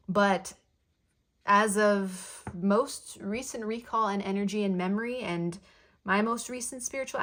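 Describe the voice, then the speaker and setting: A woman giving a spoken tarot reading to her viewers, gentle and affectionate, playful, with her affirmations said twice over. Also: mid-range voice. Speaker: tarot card reader.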